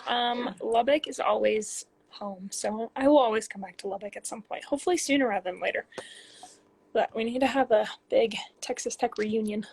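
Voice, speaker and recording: This woman's voice sits on the high side, gravelly with a touch of breathiness. She's a pro soccer player from Canada, in her twenties, going through fan questions out loud and replying in a relaxed, talkative livestream from her phone.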